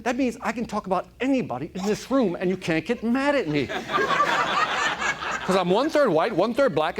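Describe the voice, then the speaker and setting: With a slight hiss or hum in the background, a male motivational speaker from Chicago, United States, addresses a live audience in a conference room. His high voice is full of life; he jokes around, brims with energy, and often asks "right?"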